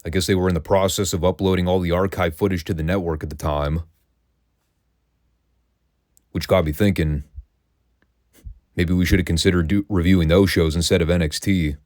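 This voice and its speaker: A man's voice: low-pitched, steady tone, normal speed, pauses often, a little mellow, no echo, studio quality. A man hosting a review podcast, ranting in a sarcastic, profane way. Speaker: podcast host reviewing wrestling.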